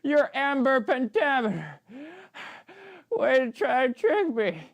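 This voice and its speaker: A woman's voice: sits high, big pitch swings, slow, heavily acted. A woman voicing a sleepy, rambling old man contestant who mumbles and gets confused. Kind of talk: comic puppet-show acting.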